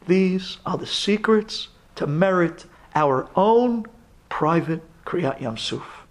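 A rabbi tells a story in a sermon, building drama and often sinking to a hushed whisper. His voice sits fairly high for a man. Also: expressive, takes it slowly. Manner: dramatic, dropping to whispers then rising.

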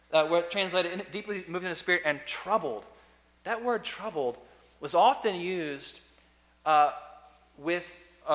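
A man preaching a sermon as a pastor, earnest, swinging between loud emphasis and soft, quiet lines. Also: a little high. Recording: long reverb of a large hall.

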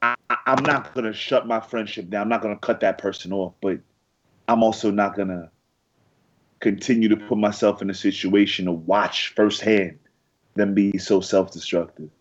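Low-voiced man, hesitant, muffled audio. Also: fairly even intonation. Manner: measured, hesitant, restarts phrases. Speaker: podcast co-host. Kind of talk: casual chat.

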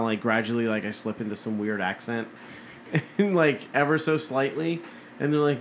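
A man's voice: medium pitch, normal speed. Man podcast co-host, casual rambling chat, heavy swearing, faint background hiss. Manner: rambling, swears a lot, trails off.

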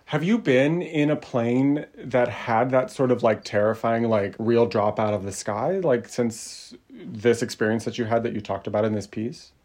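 An interviewer in a casual conversation, relaxed, reacting briefly and sharing a similar story. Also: mid-range voice, normal speed, hardly any pauses.

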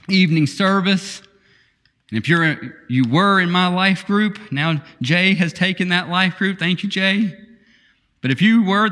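A man preaching a sermon, reading scripture with laughter and quiet asides. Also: sits high, big-room sound. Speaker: pastor.

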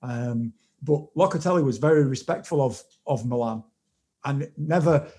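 A man co-hosting a casual podcast, speaking over a video call in a knowledgeable, measured way with frequent restarts. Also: medium pitch, dark tone. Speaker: podcast co-host and football analyst. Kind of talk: casual chat, detailed analysis.

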